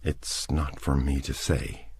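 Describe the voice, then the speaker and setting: A man's voice: rumbling low, little pitch movement, slow, very noisy, full character voice. A man voicing a frightened young woman survivor who speaks in faltering, nervous whispers, in a storybook reading. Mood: timid.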